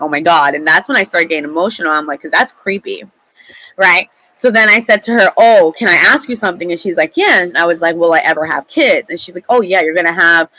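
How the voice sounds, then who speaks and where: Chatty young woman with a bright voice. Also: on the low side, dry recording, rough recording. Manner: chatty, rambling, swears freely. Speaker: vlogger. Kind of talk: casual storytelling to camera.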